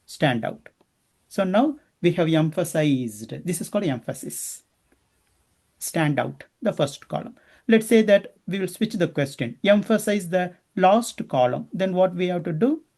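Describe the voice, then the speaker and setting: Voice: medium pitch, lively intonation, measured pace, a little mellow, breathy edge. Instructor, asks the class questions. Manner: explains step by step, often asking the class questions. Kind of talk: classroom teaching.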